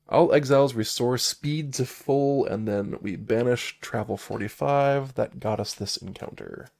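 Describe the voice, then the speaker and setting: A man's voice: medium pitch, a little slow, creaky, darkish tone. A man streaming a solo tabletop game, chatting casually and reading game cards aloud. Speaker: solo game player and narrator. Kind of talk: casual live-stream play-through.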